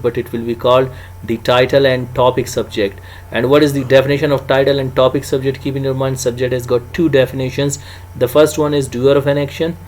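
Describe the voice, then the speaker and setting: A man's voice: mid-range voice, darkish tone, low-quality recording. Emphatic male grammar teacher. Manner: emphatic, stresses example sentences, frequent "you know" and "uh". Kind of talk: recorded grammar lecture. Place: home or small room, recorded alone for video.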